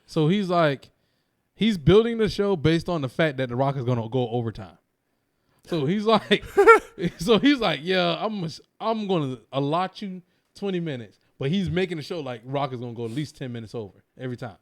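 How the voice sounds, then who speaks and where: A young man co-hosting a wrestling podcast in casual, animated chat, swearing and laughing often. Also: a little high, brisk. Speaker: podcast co-host.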